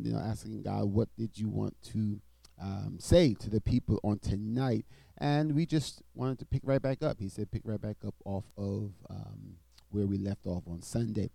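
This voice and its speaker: Male pastor, sermon delivery, dark mellow tone, dry close sound. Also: medium pitch, creaky, no echo. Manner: reads scripture aloud with frequent interjections.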